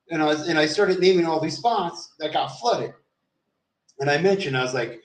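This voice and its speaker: A man's voice: on the high side, fast. A man livestreaming, telling a long story in a profane, rambling way and acting out quotes from the people in it. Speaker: live streamer. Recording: roomy sound, far from mic.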